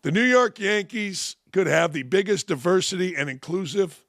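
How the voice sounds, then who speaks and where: Speaking at a moderate pace straight into a close studio mic with no room sound, an older male sports talk host gives an opinionated monologue. His slightly high voice has a gravelly, creaky edge, and he shifts from dry sarcasm to mock outrage, mocking things with animated voiced asides.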